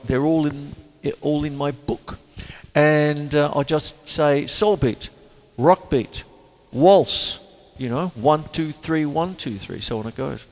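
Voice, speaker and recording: An older man hosting a casual drum lesson, chatty and singing rhythms out loud as he plays. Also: on the high side. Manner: chatty, sings rhythms aloud. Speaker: drum teacher and show host. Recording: reverberant room with drums.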